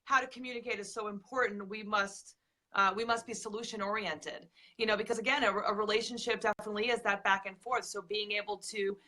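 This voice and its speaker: Woman host, bright voice, affirming, reflective. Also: medium pitch, steady tone, fairly quick. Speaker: podcast host. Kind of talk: interview talk.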